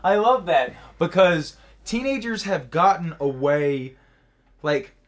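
A man's voice: fairly high pitch, expressive, slow. A young man riffing through an improvised comedy bit, rambling and profane, constantly checking in with "right?".

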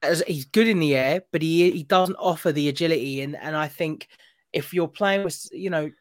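A man's voice: on the high side, moderate pace, dry recording, clean studio sound. A man giving opinions on a football podcast call, often repeating words as he talks. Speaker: podcast panelist. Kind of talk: casual football chat.

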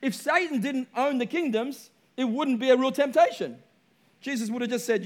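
A man's voice: very high voice, normal speed. A male pastor preaching a sermon, emphatic and repeating his key phrases.

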